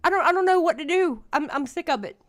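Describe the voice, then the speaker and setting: A woman's voice: very high voice, expressive, fast, fairly bright tone. Exasperated woman ranting on a livestream. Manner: exasperated, ranting at absent people. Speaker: commentary channel host. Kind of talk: livestream reaction commentary.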